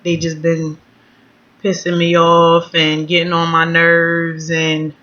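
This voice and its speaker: A woman's voice: fairly low pitch, monotone, takes it slowly, a bit bright, muffled recording. Blunt, foul-mouthed woman vlogger. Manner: blunt, outspoken, heavy swearing. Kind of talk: casual venting vlog. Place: at home.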